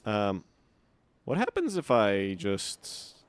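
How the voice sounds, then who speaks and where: Wry male streamer, lively pitch. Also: takes it slowly, clean tone. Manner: casual, wry, swears when startled. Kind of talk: live gameplay commentary.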